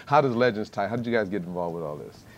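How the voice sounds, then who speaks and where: Fast-talking deep-voiced male host. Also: expressive. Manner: upbeat, quick affirmations. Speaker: talk show host. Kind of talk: studio interview.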